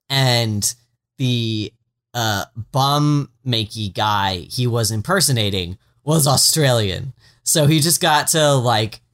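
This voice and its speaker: Male podcast co-host, middle pitch, chatty and self-deprecating, quick to laugh. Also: fairly bright tone. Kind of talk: casual chat.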